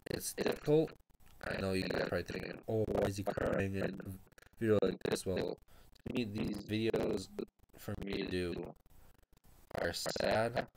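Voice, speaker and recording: A teenage boy YouTuber giving a tearful farewell vlog from home, halting and hesitant, trailing off and restarting as he fights back tears. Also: low voice, steady tone, gravelly. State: tearful, on the verge of crying. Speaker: gaming YouTuber. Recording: noisy home recording with clicks.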